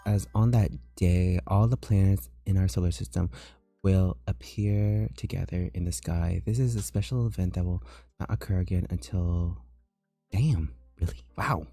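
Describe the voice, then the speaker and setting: A man streaming as an artist, chatting casually as he works and breaking into high squeals of disgust and laughter. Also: normal speed, creaky, warm tone, no room sound. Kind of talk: casual live-stream chat while drawing.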